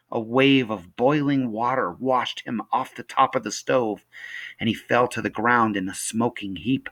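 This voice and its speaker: A teacher reading a novel chapter aloud to his class in steady narration. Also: mid-range voice, measured pace.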